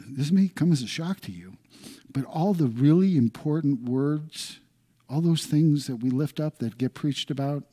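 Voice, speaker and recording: Man, middle-aged, pastor, sermon, husky voice, warm mellow tone, loud to hushed swings. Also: mid-range voice. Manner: swings between loud emphatic lines and hushed near-whispers.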